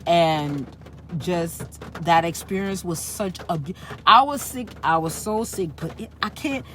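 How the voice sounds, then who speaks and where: This spiritual channel host, a woman, delivers a loose, repetitive monologue peppered with "right?" after her points. She speaks at a measured pace in a lowish, slightly bright voice, and a little hiss or hum is audible.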